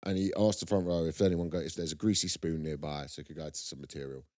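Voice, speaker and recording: A man's voice: a bass voice, steady tone, fast talker, darkish tone. A young man, co-hosting a comedy podcast and telling laid-back stories in slangy casual chat.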